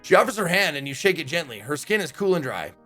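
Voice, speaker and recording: A man's voice: a little high, big pitch swings, quick pace, bright, forceful tone, faint music behind. A man streaming an old adventure game, casually reading its text aloud with playful, chatty asides.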